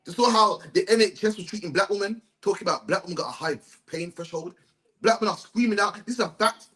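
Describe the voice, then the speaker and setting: A high-pitched man, lecturing at a bible study. He speaks emphatically and keeps tagging his points with "man". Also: fast talker, pushed and bright. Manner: emphatic, tags sentences with "man". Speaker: religious teacher.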